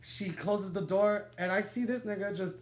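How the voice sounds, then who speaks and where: A young man telling a wild personal story to the camera, animated and dramatic, swearing freely and laughing through his digressions. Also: high-pitched, normal speed. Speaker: vlogger. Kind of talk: storytime vlog, casual and profane.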